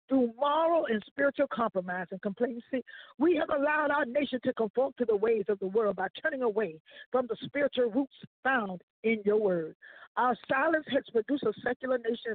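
A gospel radio host, a woman, prays with a fervent preacher's cadence and stretched-out phrases. Her voice is husky and close, with no room around it. It all comes through a thin, phone-like line. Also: on the high side, dry recording. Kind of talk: spoken prayer on air. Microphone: phone call-in.

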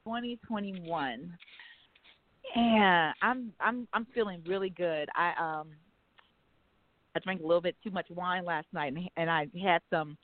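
A woman hosting a casual talk radio show, speaking frankly and profanely with animated storytelling. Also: fairly low pitch, normal speed, slight background noise. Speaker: host. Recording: dry phone-like line.

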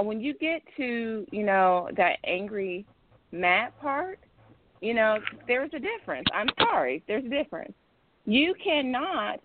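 A woman's voice: medium pitch, no echo. A woman calls in over a tinny phone line, talking in a casual discussion. She explains at length, emphatic and rambling, circling back and repeating herself. The room is dry and close. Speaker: caller.

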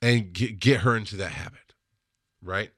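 A middle-aged man hosts his show in a casual, wandering monologue, correcting himself as he goes and often laughing. His voice is bright and forward, heard close and dry with no room sound. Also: lowish voice, moderate pace, dry recording. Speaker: podcast host.

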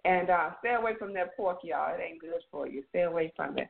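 A woman's voice: on the low side, fairly quick, creaky. A woman, hosting a casual morning talk show with upbeat, folksy greetings. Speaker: co-host. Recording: tinny phone-like audio.

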